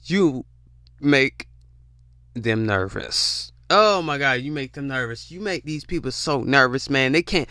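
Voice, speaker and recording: Speaking at a measured pace, a man with a medium-pitched, expressive voice hosts a podcast and lectures listeners in a motivational way, calling out to them again and again and restarting with stammered, repeated words. His delivery is pushed and bright, captured in studio quality with no echo.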